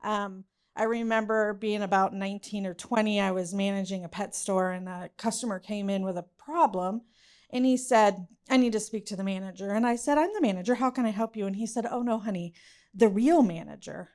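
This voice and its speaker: A woman's voice: mid-range voice, a little fast, darkish tone, smooth. A woman in her forties giving a chatty, self-deprecating conference talk about her career. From Southern US. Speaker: conference speaker.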